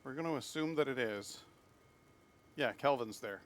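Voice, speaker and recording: Animated man streaming a game. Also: mid-range voice, normal speed, a little hiss or hum. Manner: animated, swearing freely at the game; rambling anecdotes with restarts. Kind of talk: live gameplay commentary and storytelling.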